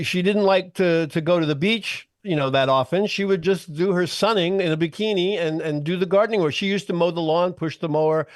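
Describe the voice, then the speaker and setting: A man's voice: fairly high pitch, no room sound, studio quality. A man co-hosting a casual comedy podcast, laughing often and telling stories. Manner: laughs often, animated asides. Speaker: podcast co-host.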